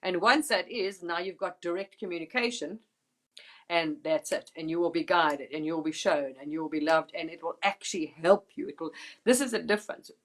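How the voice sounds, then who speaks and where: A woman's voice: lowish voice, a little fast. A woman hosting a casual spiritual live chat, talking emphatically and rambling a little, with mild swearing and laughter.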